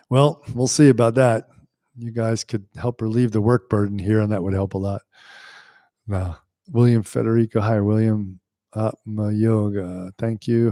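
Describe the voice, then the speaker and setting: Animated man teaching yoga, dry sound. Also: mid-range voice, no room sound. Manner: animated storyteller, laughs often, acts out quoted voices. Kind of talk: live-stream teaching with chat questions.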